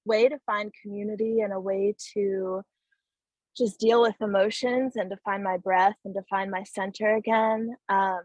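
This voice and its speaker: A woman shares her personal journey as a podcast guest. She speaks softly and thoughtfully, pausing with ums. The sound is dry and close. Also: mid-range voice, dry recording, muffled recording. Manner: soft, thoughtful, hesitant with ums. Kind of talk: reflective personal sharing.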